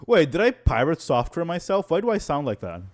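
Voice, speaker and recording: A man's voice: fairly high pitch, very animated, brisk. A man streaming casually, reacting to old clips of himself, exasperated and swearing. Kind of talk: casual livestream chat.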